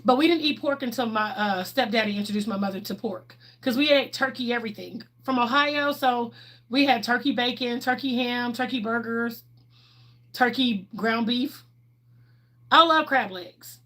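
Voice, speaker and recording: A woman's voice: on the high side, moderate pace, a bit bright. A middle-aged woman, chatting candidly on a livestream and answering viewers' questions, laughing often. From Texas, USA. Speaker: livestream host.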